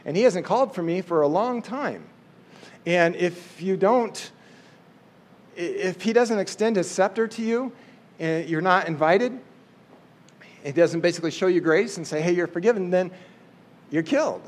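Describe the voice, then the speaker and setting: A man's voice: sits high, lively intonation, normal speed, pauses often, pitched above the performer's own voice. A man voicing a frightened young queen, anxiously explaining why she cannot approach the king. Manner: anxious, pleading.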